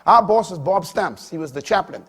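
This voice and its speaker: Man, middle-aged, preacher, husky voice, dramatic sermon, shouted emphasis. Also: high voice, lively intonation, moderate pace. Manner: dramatic preaching, swinging between hushed asides and loud emphatic climbs; shouts key points.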